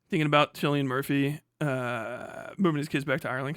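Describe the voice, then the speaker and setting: A man's voice: mid-range voice, steady tone, measured pace, long pauses, a bit bright, smooth, dry recording, studio quality. A man streaming live, chatting in a rambling, profane way and laughing often. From United States. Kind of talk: casual live-stream commentary.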